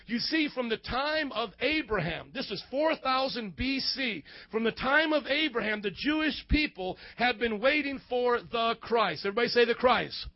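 High-voiced man preaching call-and-response. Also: expressive, unhurried, hardly any pauses, no echo, muffled recording. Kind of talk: sermon.

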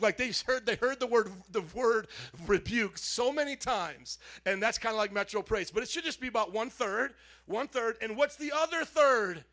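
High-voiced joking church pastor. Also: male voice, moderate pace. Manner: lively, joking, calls on the congregation to respond. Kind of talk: sermon introduction. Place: church sanctuary.

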